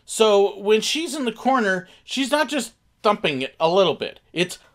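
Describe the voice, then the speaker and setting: Animated man telling a family story. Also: high-pitched, moderate pace. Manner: animated, acts out quotes. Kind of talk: casual storytelling.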